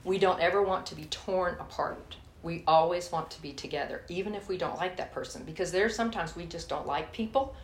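A woman's voice: fairly low pitch, a little fast, few pauses. A woman giving a candid, folksy sermon with a personal story, speaking to a church group and calling them y'all. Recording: echoey room, faint hiss.

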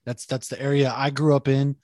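A man's voice: mid-range voice, level tone, fairly quick, darkish tone, dry recording. A man in his thirties with a Boston accent talks through his life story as a podcast guest. He keeps it loose and profane and laughs easily. His voice sits mid-range, recorded dry and close. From Boston area, USA. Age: 30s. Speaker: podcast guest, military service member. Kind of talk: casual podcast chat.

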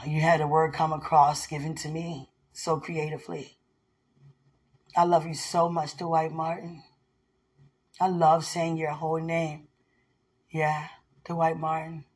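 A vlogger at home by a window addresses his fiancé slowly, with a level tone and many pauses. His husky voice sits fairly high, and the talk is casual, devotional and loving, rambling along with frequent laughter.

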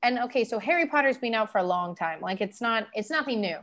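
A woman from Canada telling stories in a casual chat, acting out the people she quotes and laughing often. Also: quick pace. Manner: animated, acts out quoted people in higher voices, laughs often.

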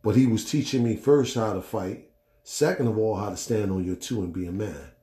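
A middle-aged man hosting a podcast, telling a story in a blunt, animated way, acting out the quotes and swearing freely. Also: on the low side, normal speed, reverberant. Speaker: podcast host. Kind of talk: casual storytelling monologue.

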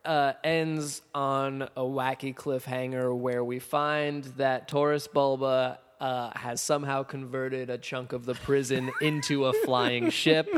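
Man, podcast co-host, eager talker, mid pitch, long reverb. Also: little pitch movement, slow, hardly any pauses, smooth. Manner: enthusiastic, swears casually. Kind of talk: casual chat.

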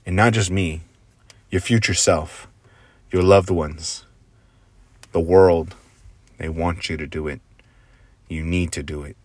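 A man giving a casual motivational monologue, earnest and rambling, drifting into quiet asides and casual swearing. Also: deep voice, steady tone, takes it slowly, pauses often, no room sound. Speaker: motivational speaker.

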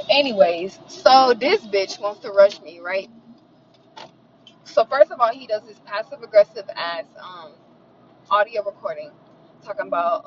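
A woman vents in a casual, profane rant, indignant and animated as she tells her complaint. She is recording from inside a car. The sound is slightly dull, with a faint hum of road noise behind her. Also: medium pitch, unhurried. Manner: profane, animated and indignant, mutters affirmations softly. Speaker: vlogger ranting to camera. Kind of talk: casual venting monologue.

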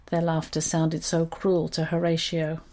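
A woman with a fairly low voice reads a children's story aloud. Her telling is expressive and steady, with an even, unhurried delivery.

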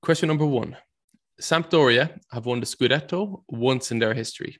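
A man's voice: mid-range voice, moderate pace, fairly bright tone. A man hosting a football trivia quiz on a podcast, reading questions and joking with the contestants. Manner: reads trivia questions, jokey. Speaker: quiz host. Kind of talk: casual podcast quiz chat.

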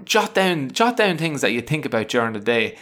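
Talking through his own self-help tips, this male teacher speaks fairly quickly at a medium pitch, his fairly bright voice swinging widely up and down. The casual monologue is rambling and full of restarts and fillers, with a frank, chatty, self-mocking tone.

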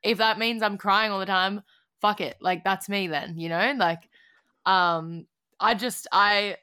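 An Australian woman with a bright, clear voice talks in a loose podcast chat. She gushes with emotion, swears freely and breaks into laughter. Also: medium pitch, fairly even intonation, unhurried. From Gold Coast, Australia. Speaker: musician guest.

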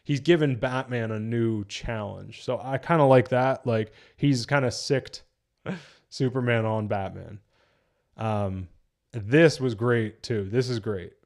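A young man from New Jersey casually reviewing on a live stream, animated, swearing and laughing often. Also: lowish voice, a little slow.

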